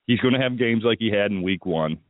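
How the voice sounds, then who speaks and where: A low-voiced man hosts a fantasy football radio show. He sounds like he still has his morning voice and gives opinionated, thinking-aloud advice. The recording is dry and tinny, like it came through a phone line. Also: fairly quick, no echo. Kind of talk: casual sports analysis talk radio.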